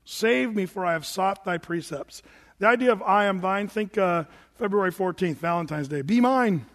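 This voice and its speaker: A man with a high, bright voice preaches with animated, emphatic delivery, reading verses aloud and acting out quoted voices. His voice rings out with a long reverb, as if in a large hall. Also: moderate pace. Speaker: pastor. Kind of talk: sermon.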